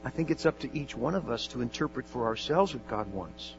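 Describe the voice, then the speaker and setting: A man voicing a calm, noncommittal female hospital chaplain who speaks softly and hedges. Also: mid-range voice, brisk, gravelly, faint music behind. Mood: soothing. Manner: soft, gentle, hedging. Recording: dull lo-fi with mains hum.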